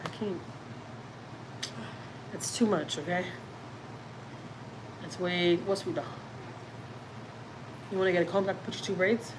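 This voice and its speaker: A woman's voice: lowish voice, fairly even intonation, moderate pace, pauses often, noisy background. A woman chatting casually with viewers on a livestream from home, rambling and teasing herself as she reads their comments. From Houston, Texas. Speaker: family vlogger hosting a livestream. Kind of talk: casual livestream chat, reading comments aloud.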